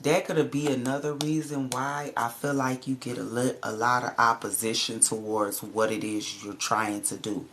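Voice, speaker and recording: A woman's voice: rumbling low, steady tone, normal speed, few pauses, a bit bright, slight background noise. A woman giving a casual, profane tarot reading to her viewers, who often breaks into laughs and exclamations. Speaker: tarot reader.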